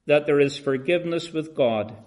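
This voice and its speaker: Addressing his congregation as "beloved" and "friends," a preacher alternates between quiet, measured delivery and loud, stretched-out emphasis. His voice sits on the high side.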